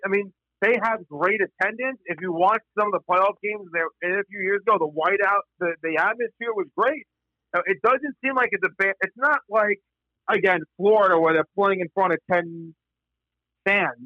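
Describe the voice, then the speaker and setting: A man's voice: high voice, no echo, lo-fi sound. A man talking hockey in a casual panel chat, stumbling and restarting as he argues his points. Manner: halting, many restarts.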